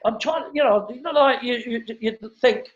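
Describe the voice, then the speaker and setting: A middle-aged man, a comedian, telling stories in a casual interview, animated and quick to repeat words and act out what others said. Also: very high voice. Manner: animated storyteller who acts out quotes and repeats words. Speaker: comedian guest. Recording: dull lo-fi sound.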